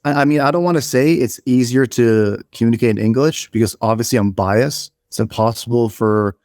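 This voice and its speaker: A man's voice: mid-range voice, a little fast, darkish tone, no echo, clean studio sound. A man chatting casually as a podcast co-host, hedging a lot and restarting his sentences.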